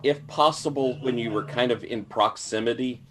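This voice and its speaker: A man's voice: mid-range voice, moderate pace. A man taking part as a player in a tabletop role-playing game, describing what his character does in a hesitant, casual way.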